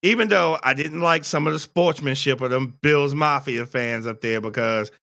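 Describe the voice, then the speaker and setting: A man co-hosting a sports podcast in casual chat, animated and quick to laugh, acting out scenes as he talks. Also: medium pitch, gravelly, dull audio. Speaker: podcast co-host.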